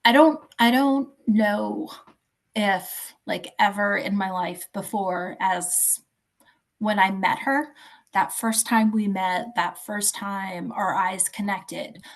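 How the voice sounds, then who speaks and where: Podcast guest: woman, 50s, slow and halting, a gravelly edge, soft-spoken. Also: mid-range voice, fairly even intonation. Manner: halting, soft, searching for words. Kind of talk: personal storytelling in an interview.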